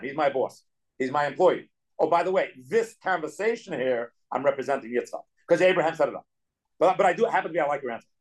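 A man teaching a casual Torah study class as a rabbi, animated and acting out the quotes he explains. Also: mid-range voice, poor audio. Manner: animated, acts out quotes, talks in quick bursts.

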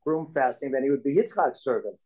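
A man's voice: medium pitch, expressive, brisk, darkish tone. A man who is a student in a Torah class, questioning the teacher and pressing his point.

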